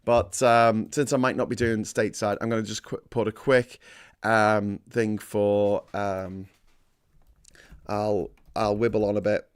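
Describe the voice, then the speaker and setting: A man's voice: fairly low pitch, little pitch movement, measured pace, clear, resonant tone. A man hosting a casual livestream, rambling and self-deprecating, full of fillers and restarts. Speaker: host.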